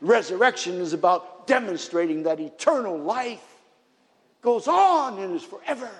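Male pastor, slightly raised pitch, earnest sermon delivery with emphatic builds, long reverb. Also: expressive, normal speed.

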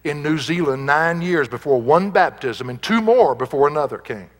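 A man's voice: on the high side, expressive, moderate pace, in a large hall. A male pastor preaching a sermon, reading scripture aloud and building to emphatic peaks.

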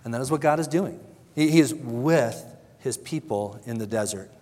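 A man delivering an earnest sermon in a voice of middle pitch. He talks in a conversational way and briefly acts out the voices of those he quotes. His words hang in the long reverb of a church hall. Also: lively intonation, normal speed, a little mellow. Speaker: pastor.

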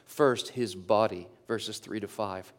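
A man preaching a sermon in an earnest voice. He reads the passage slowly, then explains it with rising emphasis and turns to speak straight to his listeners. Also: lowish voice. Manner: speaks directly to the congregation. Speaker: pastor.

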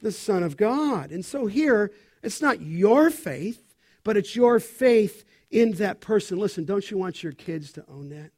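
A man's voice: high-pitched, expressive, a little slow, a little mellow. A middle-aged male pastor preaching an expository sermon, stressing key words and asking the congregation questions.

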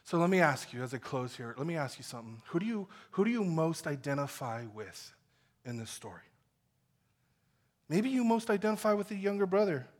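A man preaching a sermon as pastor, with impassioned delivery that swings between loud calls and quiet, intimate stretches. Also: fairly high pitch, very animated, fairly quick.

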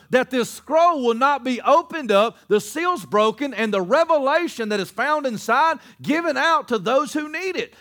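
A male pastor with a high voice delivering a Bible-teaching sermon. He talks fast and keeps the congregation engaged with quick rhetorical questions. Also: fairly bright tone.

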